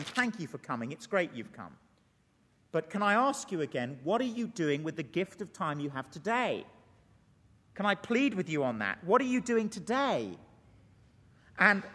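A man preaching a sermon in a church service. He makes earnest, pleading appeals and slows to a deliberate pace when leading a prayer. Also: sits high, fairly bright tone. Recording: long church hall reverb.

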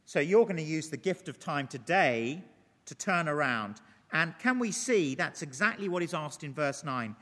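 A male preacher delivers a sermon with earnest, pleading appeals to the congregation. His voice sits fairly high for a man and he slows to a measured, deliberate pace when leading prayer. A long church reverb trails behind every phrase. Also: sing-song, a bit bright. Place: church service.

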